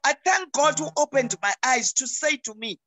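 A woman's voice: high-pitched, animated, moderate pace, sharp tone. A middle-aged South African woman, a pastor speaking as a talk show guest over a video call, preaching emphatically and often repeating words as she restarts.

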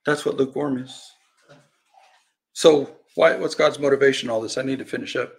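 A male preacher leads a Bible lesson in a lively, storytelling manner. His voice sits at an ordinary middle pitch. He acts out the voices of people in his stories and swings from loud cries down to quiet asides. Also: brisk, creaky. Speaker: pastor teaching a Bible lesson. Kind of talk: sermon Bible teaching.

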